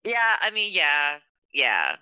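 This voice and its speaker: A woman's voice: sits low, huge pitch swings, takes it slowly, bright, forceful tone, clean tone, no echo, dull audio. Giggly, swearing woman podcast co-host. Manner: giggly, swears freely, rambling with many fillers. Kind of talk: casual chat.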